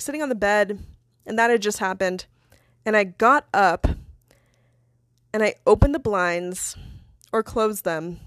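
A young woman hosts her own podcast and tells a personal story with candid, animated energy. She fills her talk with "like" and swears freely. Her voice sits at a middle pitch and sounds close and dry. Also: dry recording. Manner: animated, swears, laughs often, many fillers. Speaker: podcast host.

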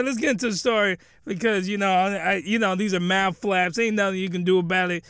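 Young guy doing a joke review, high bright voice, super dry close mic, rambles then yells. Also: fairly quick, few pauses, smooth, dry recording. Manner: rambling, excitable, bursts into loud rants. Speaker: host. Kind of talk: comedic anime review.

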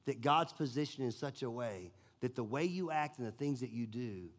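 A man from Tennessee with a Southern accent, a pastor telling a sermon story, swinging between loud bursts and hushed moments. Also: medium pitch, moderate pace. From Nashville, Tennessee, US. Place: church.

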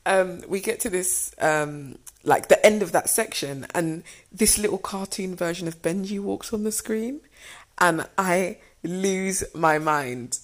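A young woman casually telling a personal story, lively and full of fillers, often jumping into a squealing high voice to act out what was said. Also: slow. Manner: animated, many fillers, acts out quotes in a squealing high voice. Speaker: storyteller recounting her proposal.

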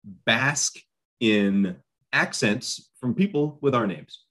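A man co-hosting a podcast, chatting casually with wry jokes in quick bursts. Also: medium pitch, lively intonation, a bit bright. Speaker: podcast co-host. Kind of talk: casual chat.

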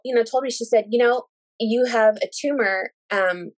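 A woman in her thirties, a guest, tells a personal story in casual conversation at normal speed, her voice on the high side. She's animated and emotional, acts out quoted dialogue, and speaks in religious, thankful terms.

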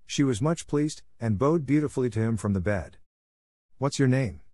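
A man narrating a classic children's story in a measured, even reading. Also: medium pitch, no echo, studio quality.

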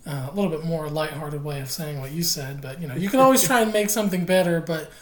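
A woman from Oklahoma co-hosting a casual podcast chat, opinionated and quick to laugh. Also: low voice, echoey room. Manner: opinionated, animated, laughs easily. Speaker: podcast co-host.

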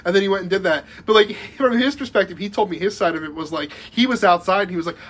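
A man's voice: high-pitched, fast talker, fairly bright tone, slightly rough. A young man telling a rambling story in casual podcast chat, full of likes and restarts and laughing as he goes. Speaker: podcast guest.

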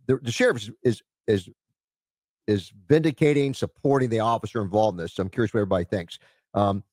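A man hosting a roundtable talk show, reading a news item aloud and drifting into relaxed asides. His voice sits at an ordinary pitch and is recorded dry, with little room sound. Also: no echo. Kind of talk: casual roundtable discussion.

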